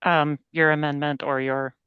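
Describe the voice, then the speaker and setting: A woman's voice: low-pitched, level tone, moderate pace, clear, resonant tone, no room sound, muffled recording. A woman on agency staff speaking earnestly in a virtual board meeting, hedging and repeating words as she explains.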